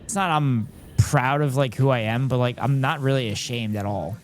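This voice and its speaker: Male streamer in his thirties, mid-pitched, loose and chatty, joking at his own expense. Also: moderate pace, a little hiss or hum. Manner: chatty, reads chat aloud, self-deprecating. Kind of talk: casual live-stream chat.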